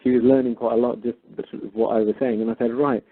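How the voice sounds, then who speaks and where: A man's voice: medium pitch, flat delivery, quick pace, breathy edge. A man, calling in and casually retelling a phone call he had, voicing both sides of it. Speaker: caller. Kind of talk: casual storytelling. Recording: tinny phone line.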